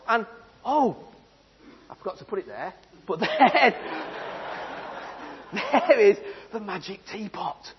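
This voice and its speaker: A man's voice: very high-pitched, breathy edge. A man telling children a story in a playful, theatrical way, asking them questions. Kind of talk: animated storytelling talk. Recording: dull lo-fi sound.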